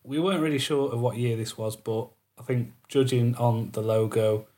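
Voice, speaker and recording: A man's voice: mid-range voice, steady tone, normal speed, mellow. A man, co-hosting a podcast in a rambling, jokey casual chat. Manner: rambling, jokey, trails off on tangents. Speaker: podcast co-host.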